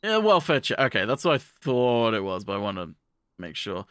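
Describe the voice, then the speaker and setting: Bright-voiced man rambling about anime. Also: medium pitch, moderate pace, smooth, dry recording, studio quality. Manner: rambling, profane, animated retelling. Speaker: podcast co-host. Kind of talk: casual anime commentary.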